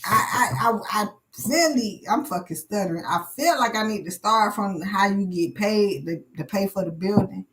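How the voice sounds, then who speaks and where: A woman's voice: medium pitch, moderate pace, hardly any pauses, slight background noise, poor audio. Blunt, profane woman tarot reader. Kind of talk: live tarot reading.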